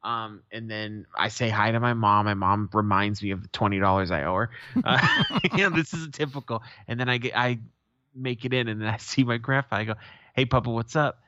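A man co-hosting a casual podcast, telling rough family stories full of swearing and acting out the voices of his relatives. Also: fairly low pitch, a little fast, pushed and bright, dry recording, highs cut off. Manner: profane, storytelling, acts out quotes. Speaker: podcast co-host.

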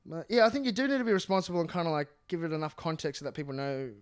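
Fast-talking, animated young comedian man. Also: a little high, clear, resonant tone. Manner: fast, animated, many restarts and "like"s. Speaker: stand-up comedian, guest. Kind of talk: casual conversational interview.

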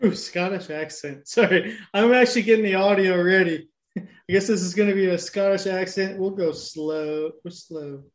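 A man's voice: high-pitched, fairly even intonation, a little fast. A man with a speech impediment co-hosting a casual chat, blunt and swearing freely. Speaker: podcast co-host.

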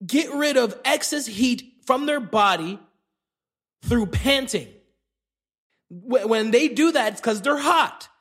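A man with a very high voice hosts a solo comedy podcast. He rants with heavy profanity and indignation. His delivery is slow and drawn out. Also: lively intonation, fairly bright tone, husky. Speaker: podcast host.

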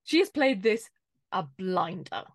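A woman's voice: mid-range voice, very animated, a little slow, no echo, studio quality. A woman co-hosting a casual podcast chat, swearing freely and acting out the people she talks about. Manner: swearing, mimics people in quotes, laughs often. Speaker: podcast co-host.

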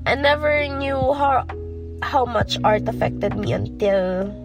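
A woman's voice: on the low side, poor audio. A woman co-hosting a podcast, talking candidly and mixing English with Tagalog. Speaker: podcast co-host. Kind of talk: personal podcast talk.

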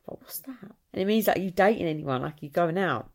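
A woman with an Essex accent chats on her own podcast in a rambling, friendly way and often acts out what other people say. Her voice sits a little low and has a strong gravelly fry. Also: animated. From Essex, England. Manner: chatty, rambling, quick to quote others. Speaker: podcast host. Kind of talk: casual solo chat.

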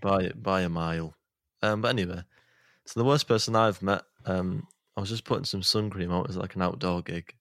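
A man's voice: low-pitched, steady tone, fairly quick, a bit bright, no room sound, clean studio sound. A man co-hosting a podcast, rambling and joking in casual chat. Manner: jokey, rambling, laughs often. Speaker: podcast co-host. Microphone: close podcast mic.

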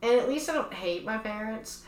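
A woman's voice: a little high, animated, normal speed, echoey room. A woman hosting a podcast as a comedian, chatting casually in a sarcastic, rambling, self-mocking way.

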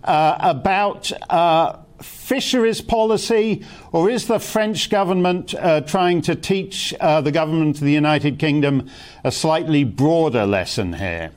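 A man's voice: fairly high pitch, unhurried, a little mellow. A man sitting in as presenter on a TV news talk show, giving wry, opinionated commentary and interviewing guests. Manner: sardonic, wry and theatrical.

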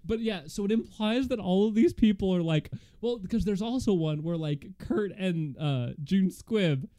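A man with a slightly high, mellow voice recaps a TV episode in loose, chatty podcast banter. He is sarcastic and laughs often as he talks. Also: moderate pace. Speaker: podcast co-host. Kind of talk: casual chat recapping a TV episode.

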